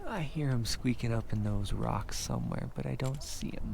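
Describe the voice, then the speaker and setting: A man filming himself on a high mountain trail, chatting casually to an action camera and pointing out landmarks as he walks. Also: moderate pace, gravelly, few pauses, noisy background. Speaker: hiker filming his trip.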